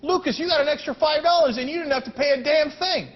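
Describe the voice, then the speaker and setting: A man's voice: very high-pitched, fast, lo-fi sound, background noise. A man hosting heated political commentary, sarcastic and indignant, mocking what he discusses.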